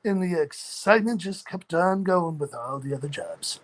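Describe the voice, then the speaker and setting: A man's voice: on the high side, lively intonation, moderate pace. A man in his forties casually telling a long personal story in a rambling, earnest, matter-of-fact way. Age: 40s. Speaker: chat room participant.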